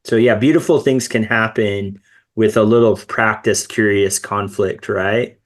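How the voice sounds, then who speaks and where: A man's voice: fairly low pitch, steady tone, measured pace. A man talking in a podcast conversation, telling stories in an earnest, reflective way.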